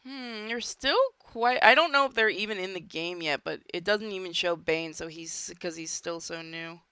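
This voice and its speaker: A gaming host giving casual, chatty commentary while playing, drifting from quiet mutters to sudden shouts. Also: medium pitch, normal speed, smooth, dry recording.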